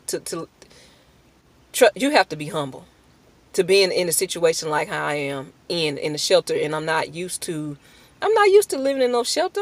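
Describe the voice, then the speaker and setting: A woman's voice: medium pitch, no room sound. A woman giving a personal faith testimony in earnest, emotional, informal speech, breaking into prayer. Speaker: testimony speaker.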